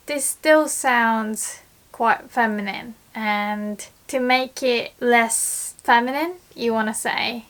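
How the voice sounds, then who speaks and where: A woman teaching Japanese in a casual video lesson, chatty and quick to act out example lines. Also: fairly high pitch, a bit bright.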